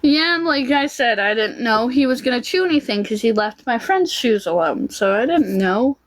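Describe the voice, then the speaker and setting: A woman with a fairly high voice rants to camera in a casual, rambling way. She sounds aggrieved and swears freely. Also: lively intonation, normal speed. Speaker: vlogger.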